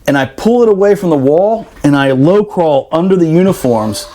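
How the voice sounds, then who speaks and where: A man in a podcast room telling an old service story with a slightly high voice. He talks casually and animatedly, swears a lot and laughs. He acts out every quote as he goes. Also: lively intonation, normal speed, warm tone, slight background noise.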